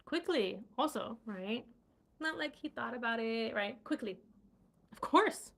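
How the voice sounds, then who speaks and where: A woman's voice: on the high side, expressive, a little slow, vocal fry. A woman hosting a casual live-stream English lesson, chatty, full of fillers and "right?" checks. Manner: chatty, many fillers and tag questions.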